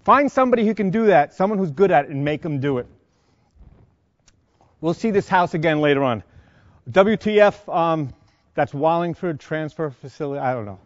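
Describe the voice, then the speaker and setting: A middle-aged man with a New York accent, lecturing a class of firefighters and quizzing them with quick questions. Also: fairly high pitch, lively intonation, no echo. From Long Island, New York. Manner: quizzing the audience with rapid questions. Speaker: fire service instructor. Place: conference lecture room. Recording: dry, dull lo-fi sound.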